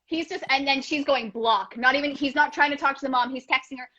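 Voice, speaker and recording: A woman hosts a relaxed chat, playful and quick with her asides. Her voice sits fairly high. The sound is dull and lo-fi, like a video call. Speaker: host. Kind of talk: casual chat.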